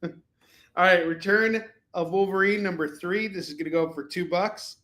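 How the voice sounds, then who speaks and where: Pitched high and a touch bright, this man talks at a moderate pace while running a comic-book sale live stream from home. His chat is loose and salesy, full of rambling jokes and filler words, captured in an echoey room.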